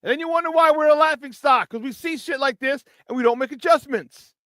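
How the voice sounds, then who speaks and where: Male sports talk host, high-pitched, dry studio mic, angry rant with mocking asides. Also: fairly quick, a bit bright, dry recording. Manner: frustrated, profane, mocking impressions.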